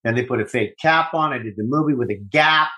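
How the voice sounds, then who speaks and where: A man co-hosting a casual podcast chat, telling stories in an animated, profane way. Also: mid-range voice, fairly quick, slight background noise, rough recording. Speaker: podcast co-host.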